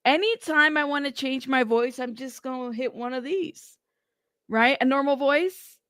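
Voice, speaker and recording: A woman's voice: high-pitched, unhurried, fairly bright tone, no echo, clean studio sound. A woman from California hosting a casual true crime livestream, chatty and laughing, talking to her chat as y'all.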